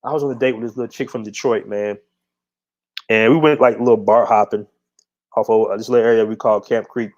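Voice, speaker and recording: A man's voice: fairly low pitch, steady tone, fairly quick. A middle-aged man hosting his own channel, telling a story in a casual monologue with a blunt, profane, laid-back manner. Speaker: channel host. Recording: dull lo-fi audio.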